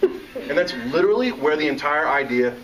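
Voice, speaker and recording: An animated, joking storyteller from the American South, who works as an author and teacher, entertains a live audience. His voice sits on the high side and moves at normal speed. The sound is muffled, with a little hiss or hum, from a distant mic amid the audience.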